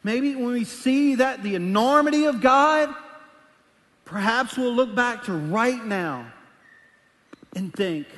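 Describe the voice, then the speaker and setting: High-voiced pastor preaching in a big hall. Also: male voice, slow pace, long pauses. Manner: animated, shifts between quiet asides and shouting. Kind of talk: sermon.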